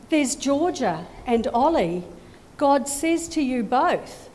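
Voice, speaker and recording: A middle-aged woman giving a children's talk in a church service, animated and full of questions to the children. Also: sits high, slow pace.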